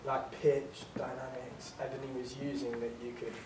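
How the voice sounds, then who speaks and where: A man's voice: mid-range voice, level tone, normal speed. A man leading a drama workshop, giving upbeat, encouraging instructions to his class. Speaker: drama teacher. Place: drama studio. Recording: echoey room, distant mic, faint noise.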